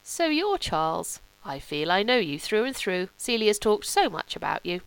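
A woman reading a novel, voicing a slow, cooing elderly society woman. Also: mid-range voice, big pitch swings, smooth, dry recording, low-quality recording. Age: older.

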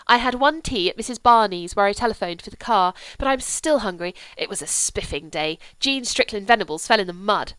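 A woman voicing a blunt, lively young girl who talks eagerly and exclaims a lot. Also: mid-range voice, brisk, few pauses, clear, resonant tone, no echo, natural voice. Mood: excited.

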